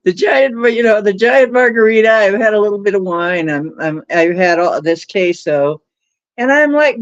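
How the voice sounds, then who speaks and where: A woman's voice: mid-range voice, normal speed, no room sound. Rambling, giggly woman telling stories. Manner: rambling, laughing anecdotes with many fillers. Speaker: livestream host. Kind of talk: casual storytelling chat. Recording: dull lo-fi dry sound.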